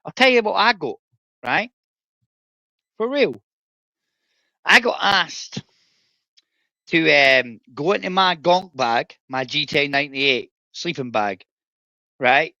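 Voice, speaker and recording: Sweary Scottish man ranting forcefully. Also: fairly high pitch, lively intonation, slow pace, long pauses, no room sound, dull audio. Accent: Scottish, Edinburgh. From Scotland. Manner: profane, confrontational, storytelling. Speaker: streamer, former soldier. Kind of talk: ranting livestream monologue.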